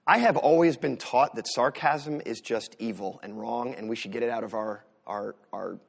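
A man's voice: mid-range voice, normal speed, gravelly, breathy edge. A man from the US Northeast preaching a sermon as pastor, talking in a conversational way with sarcastic asides.

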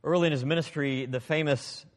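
A man preaching a sermon, expressive, swinging from loud emphasis to hushed, quiet passages. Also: on the high side, a little fast, big-room sound.

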